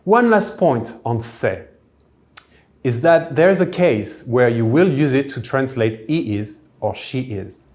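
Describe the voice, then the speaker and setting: A man teaching a beginner French lesson, explaining grammar step by step and saying the French examples slowly and clearly. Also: medium pitch, expressive, a little mellow. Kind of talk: recorded language lesson. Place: church hall classroom.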